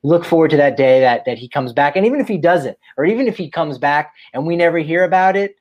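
A man's voice: fairly high pitch, lively intonation, quick pace, lo-fi sound. A man in his forties co-hosting a casual sports podcast, musing and teasing his partner, with lots of "you know" fillers. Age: 40s. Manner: teasing, reflective, many fillers. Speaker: podcast co-host.

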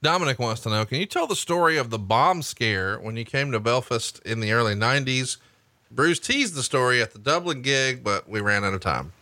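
A man's voice: medium pitch, expressive, brisk, bright, forceful tone, no room sound. A man from New York with a New York accent, co-hosting a podcast and reading out listener questions in a jokey way. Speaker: podcast co-host.

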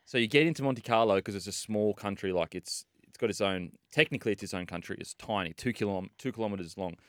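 A chatty man on radio, his voice lowish and sitting close and dry on the studio microphone. He piles up restarts as he tells his story. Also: quick pace, no room sound. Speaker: radio co-host. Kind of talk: casual radio chat.

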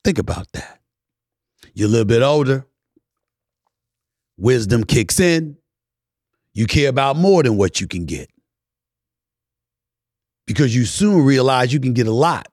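A middle-aged male host delivers a talk-show monologue in an emphatic, preaching manner. His pitch leaps and dips animatedly, and he drops from loud declarations to near-hushed asides. The sound is dry and close. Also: animated, moderate pace, pauses often, no echo.

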